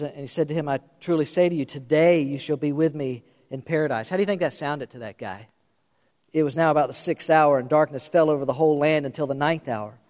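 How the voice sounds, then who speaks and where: A male pastor preaching a sermon, animated, swinging between raised emphasis and hushed intensity. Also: a little high. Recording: long reverb of a large hall.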